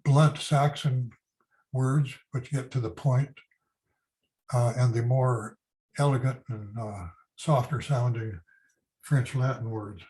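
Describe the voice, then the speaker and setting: An older man teaches a history class in a slow, unhurried way. He talks in a casual lecture style, stopping often to restart a phrase or fill a pause with "um" and "uh". His voice sits at an ordinary middle pitch for a man. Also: fairly even intonation, mellow, rough recording. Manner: halting, many fillers and restarts.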